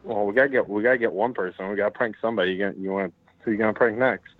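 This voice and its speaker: A man's voice: fairly low pitch, steady tone, very fast, no echo, phone-quality sound. A man co-hosting a casual sports podcast, arguing his points bluntly. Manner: blunt, argumentative. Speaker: podcast co-host. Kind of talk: casual chat.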